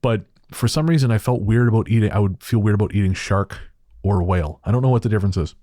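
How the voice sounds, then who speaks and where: A man co-hosting a podcast in relaxed casual chat, rambling a little and laughing readily. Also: lowish voice, quick pace, dry recording, clean studio sound. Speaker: podcast co-host.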